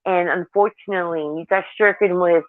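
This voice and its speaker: A woman's voice: fairly low pitch, steady tone, a little fast, no echo. A woman in her forties chatting casually as a caller, rambling and candid, telling stories animatedly. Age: 40s. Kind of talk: casual chat. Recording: tinny dry phone line.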